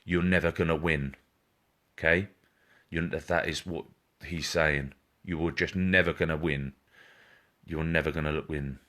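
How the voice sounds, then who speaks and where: A man with a very low voice giving psychic readings on a live stream. He repeats himself, reassures often and calls viewers by name. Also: fairly even intonation, unhurried, pauses often, bright, forceful tone.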